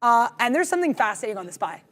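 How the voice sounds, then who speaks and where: High-voiced woman talking super fast on a trading stream, bubbly, punny. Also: very animated, fairly bright tone. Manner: bubbly, talks fast, loves puns. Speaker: co-host of a live trading show. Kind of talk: live market commentary. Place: studio with green screen.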